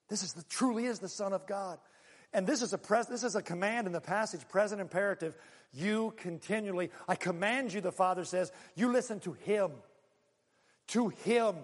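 A male pastor preaching a sermon, moving from loud bursts to hushed asides. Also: high voice, in a large hall. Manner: animated, swinging from loud exclamations to hushed asides.

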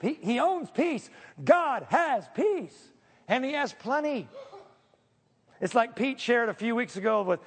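A pastor preaching a sermon, joking one moment and pleading solemnly the next. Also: male voice, high voice, big-room sound.

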